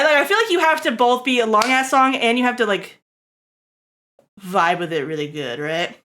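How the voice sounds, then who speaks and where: A woman's voice: on the high side, a bit bright. A young adult woman streaming, chatting casually to her viewers in a rambling way, swearing freely and laughing often. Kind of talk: casual live-stream chat.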